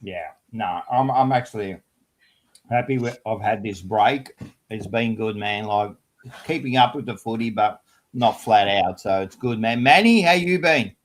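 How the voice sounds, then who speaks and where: A man's voice: fairly low pitch, unhurried. Laid-back Australian man hosting a chat. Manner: laid-back, chatty, says mate and man a lot. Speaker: host. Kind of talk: casual live-stream chat.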